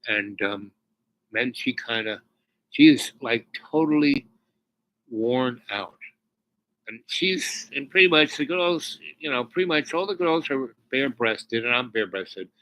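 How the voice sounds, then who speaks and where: A man tells a personal story in a halting, rambling way, full of restarts, and his voice sinks almost to a whisper when he is moved. His tone is bright and forceful, and the recording is close and dry. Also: mid-range voice, animated, dry recording, low-quality recording. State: tearful near the end. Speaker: spiritual storyteller.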